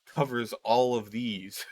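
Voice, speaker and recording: A man's voice: medium pitch, fairly even intonation, slow, a little mellow. A man ranting casually while playing a game, rambling with lots of fillers and swearing. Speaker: video creator. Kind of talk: casual rant while gaming.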